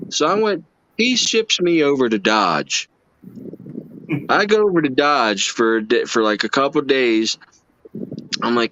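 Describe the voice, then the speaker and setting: A man's voice: mid-range voice, very animated, moderate pace, pauses often, a bit bright, dry recording. A man, a livestream guest telling personal stories in an earnest, emotional, folksy way. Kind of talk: casual storytelling chat. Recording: dull lo-fi stream audio.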